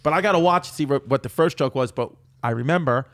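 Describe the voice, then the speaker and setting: A man from Queens, a comedian guest telling a story in an animated, self-mocking way. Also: mid-range voice, fast. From New York, Queens. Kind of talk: storytelling on a talk show.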